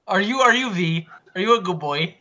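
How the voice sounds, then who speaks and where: A man's voice: high-pitched, expressive, a little fast, pushed and bright. A man from upstate New York bantering crudely and mockingly, joking brashly and laughing easily. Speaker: podcast co-host. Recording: lo-fi voice call with faint noise.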